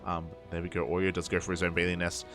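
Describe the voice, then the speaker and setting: A man casting a live game with a lowish, easygoing voice, quick to joke and laugh as he calls the action and chats with viewers. Soft music runs quietly under his commentary. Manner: lively and joking, laughs often, talks to the chat. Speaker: esports caster.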